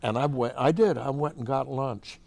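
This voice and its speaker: A man's voice: mid-range voice, moderate pace, creaky, darkish tone. An older man from Oregon, a musician as interview guest, telling long folksy anecdotes in a chatty way with frequent restarts. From Oregon, USA. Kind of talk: casual storytelling.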